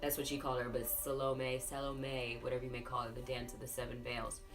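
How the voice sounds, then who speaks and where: A woman's voice: very deep voice, flat delivery, rapid-fire. A tipsy woman hosting a casual film review, telling the story in a profane, rambling, gossipy way. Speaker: host. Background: music playing.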